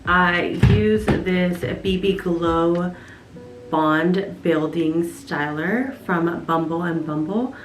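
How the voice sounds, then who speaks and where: A woman's voice: lowish voice, very slow, echoey room, faint music behind. A young woman chatting casually to camera as a lifestyle vlogger, easygoing and talkative. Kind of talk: casual vlog chat.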